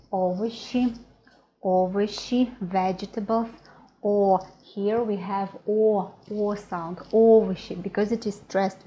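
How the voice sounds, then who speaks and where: A woman's voice: medium pitch, darkish tone, poor audio. A woman with a Russian accent teaching a language lesson, patiently repeating each word. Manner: patient, repeats words slowly.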